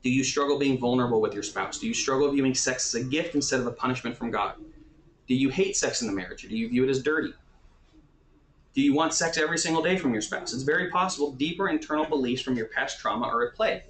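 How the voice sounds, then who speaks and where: A man's voice: mid-range voice, quick pace, fairly bright tone, reverberant, a little hiss or hum, low-quality recording. A man who works as a therapist, teaching in a casual, conversational way and often checking in with his listeners.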